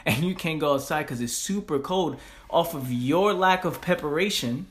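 A man's voice: a little high, moderate pace. Slangy New man hosting a podcast. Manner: animated, slangy, laughs often. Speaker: podcast host. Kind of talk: motivational podcast talk.

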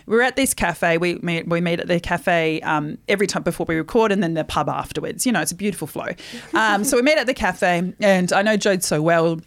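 A woman's voice: lowish voice, fairly quick. A young woman with a New Zealand accent, co-hosting a podcast in casual chat, telling stories with dry, wry humour. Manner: dry, wry storytelling, many short backchannels. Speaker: podcast co-host.

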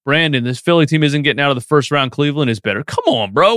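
A man's voice: fairly high pitch, fast talker, a bit bright, no room sound, studio quality. A man hosting a live post-game sports stream, reading chat questions and ranting with feeling. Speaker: sports podcast host.

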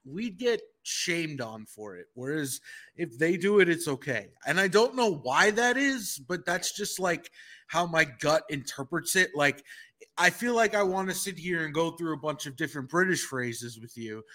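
A man's voice: fairly high pitch, lively intonation, normal speed, bright, forceful tone. A man hosting a podcast in casual chat, wry and chatty with hesitant asides. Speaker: podcast host.

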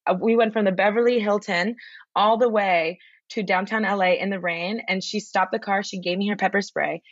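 A woman as a podcast guest, telling a long story in a rambling, excitable way with lots of swearing and restarts, over a remote call. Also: mid-range voice, moderate pace, no echo, dull audio. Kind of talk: casual storytelling chat.

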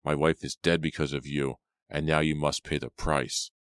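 A man voicing a grim, vengeful father with a rifle, speaking slowly and coldly in an audiobook. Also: extremely low pitch, flat delivery, a bit bright, smooth, no echo, studio quality. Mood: menacing. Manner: slow, cold and menacing.

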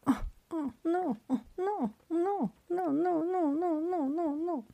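A woman's voice: medium pitch, steady tone, takes it slowly, warm tone, slightly rough. A woman voicing a frantic young nymph huntress who pleads and wails her refusals. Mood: sobbing. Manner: pleading, wailing repeated refusals.

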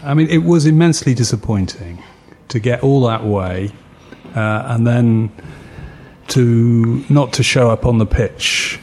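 Man, measured, reasoned, football panelist, faint background hiss. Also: mid-range voice, a little mellow. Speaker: podcast panelist. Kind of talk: casual football chat.

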